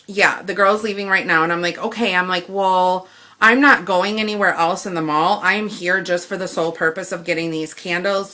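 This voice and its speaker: A woman from Wisconsin, telling a shopping complaint story and acting out both sides of the conversation. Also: fairly low pitch. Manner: animated retelling, acting out both sides of the dialogue. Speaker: vlogger. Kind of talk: ranting story to camera.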